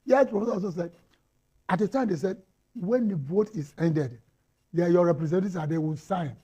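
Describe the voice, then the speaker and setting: A man's voice: high-pitched, brisk, warm tone, slightly rough, highs cut off. A Nigerian man arguing hotly on a panel, firing rhetorical questions and repeating lines for emphasis. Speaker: panel guest. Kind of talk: heated panel debate.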